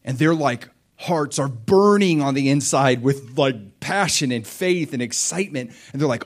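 A middle-aged man preaching a sermon, retelling scripture with lively, animated storytelling and acted-out voices. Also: fairly high pitch, moderate pace. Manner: animated storytelling, acts out voices of biblical figures. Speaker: pastor.

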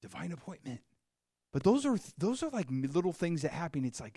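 A man preaching a sermon, telling a story with animated swings between hushed and excited delivery. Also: on the high side, fairly quick, slightly rough, no echo, clean studio sound.

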